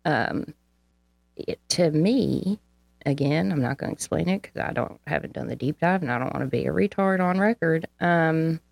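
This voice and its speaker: Young woman, low voice, podcast co-host, reads dates, profane asides, dry close mic. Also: moderate pace, gravelly, no room sound. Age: young adult. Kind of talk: casual podcast chat.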